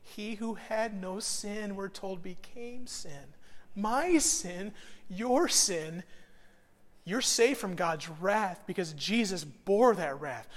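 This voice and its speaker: A man preaching a sermon as a pastor. He talks conversationally, dropping to a hushed, earnest tone and then rising into loud bursts. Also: sits high, takes it slowly. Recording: long hall reverb.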